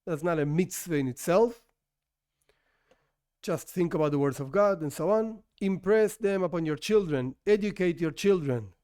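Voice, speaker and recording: Man, high-pitched voice, rabbi, informal lesson, non-native English, chatty and animated. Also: normal speed. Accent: non-native English speaker. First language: not English. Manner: conversational, animated, rhetorical questions and restarts. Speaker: rabbi teaching a class.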